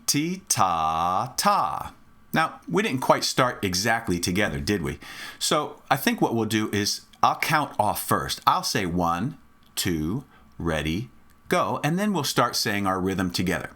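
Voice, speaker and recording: A man's voice: mid-range voice, sharp tone. A man teaching a children's music lesson on rhythm, patient and encouraging, counting off and chanting along.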